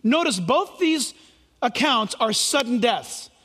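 A man's voice: extremely high pitch, big pitch swings, takes it slowly, sharp tone. A male pastor preaching a sermon in an emphatic, preacherly way, acting out imagined voices. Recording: long hall reverb.

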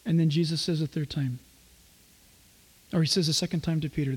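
A man's voice: fairly high pitch, fairly quick, a little mellow, slightly rough, long reverb tail. A man preaching a sermon as pastor and Bible teacher, telling stories animatedly and acting out the characters' voices.

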